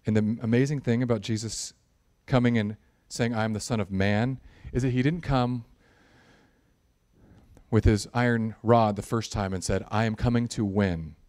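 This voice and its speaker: A man preaching a sermon, animated and jokey, building in intensity at times. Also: fairly low pitch, moderate pace. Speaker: pastor.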